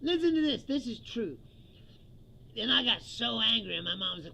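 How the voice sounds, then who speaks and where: A man's voice: high-pitched, animated, moderate pace, creaky, pauses often, sharp tone, a little hiss or hum, poor audio. A man from the United States hosting his own comedy show, ranting angrily and profanely about the news and laughing often.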